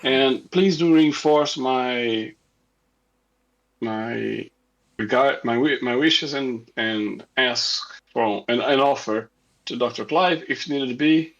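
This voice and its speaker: A man's voice: medium pitch, slow, fairly bright tone, lo-fi sound. A man voicing a fussy, overly polite male doctor who stammers in a genteel way.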